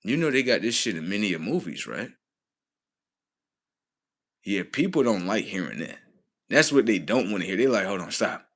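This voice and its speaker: A man rambling on a casual livestream, profane and slangy, laughing often and swinging between loud outbursts and low mumbles. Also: sing-song, moderate pace, pauses often.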